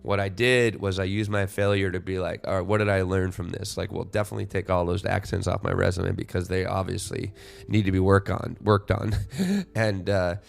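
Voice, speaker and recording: A man in his forties hosts a solo podcast, musing reflectively and rambling with lots of "you know" fillers and restarts. His voice is low and gravelly, with little pitch movement, and he talks a little fast.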